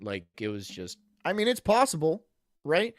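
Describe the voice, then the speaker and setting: A man's voice: fairly high pitch, huge pitch swings, normal speed, no echo, clean studio sound. A male streamer riffing casually and reading chat messages aloud in a rambling, joking way. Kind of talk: casual reaction commentary.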